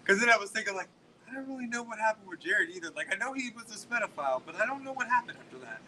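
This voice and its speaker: Podcast host, forties, very bright-toned, rambles and swears, faint room noise behind. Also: male voice, high voice, animated, very fast, low-quality recording. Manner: profane, rambling storyteller full of "like". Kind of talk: casual podcast chat.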